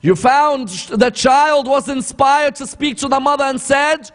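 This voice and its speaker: A man's voice: extremely high pitch, fairly even intonation, a little slow, hardly any pauses. A man giving a sermon lecture, telling a story and asking rhetorical questions that he then answers. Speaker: Islamic lecturer. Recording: long hall reverb.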